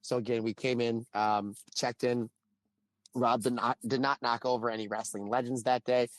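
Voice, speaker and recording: A man co-hosting a podcast, chatting casually and telling stories with lively energy. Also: medium pitch, moderate pace, no echo. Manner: animated storyteller. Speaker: podcast co-host.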